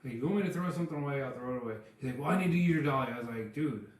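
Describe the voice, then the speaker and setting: A man tells loose, rambling stories in a casual chat, with many "like" and "um" fillers. His voice sits at an ordinary pitch. The room is very echoey. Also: racing. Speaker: podcast co-host.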